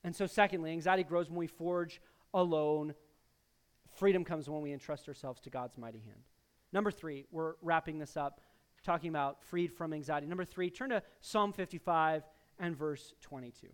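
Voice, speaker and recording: A man preaching with a high voice, calling out to his congregation. He pushes key words out loud and lets others sink to near a murmur, his preaching always pointed at the listeners in front of him. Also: normal speed, clear, resonant tone. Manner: emphatic preaching with sudden louder bursts and soft drops; addresses the congregation directly as church. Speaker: pastor. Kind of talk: sermon.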